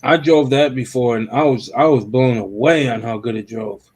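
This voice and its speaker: A relaxed man with an ordinary middle-pitched voice in a loose conversation. He talks bluntly and swears freely. He chimes in fast with short reactions. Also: slightly rough. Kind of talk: casual chat.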